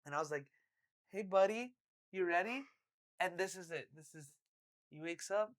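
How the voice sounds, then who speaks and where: A young adult podcast co-host telling a story in casual chat, animated and full of swearing, acting out quotes loudly. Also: medium pitch, normal speed.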